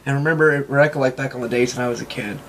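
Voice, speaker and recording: A young man talking in a casual interview, excitable and rambling, with lots of restarts. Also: medium pitch, quick pace, a little hiss or hum. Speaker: interviewee, toy collector.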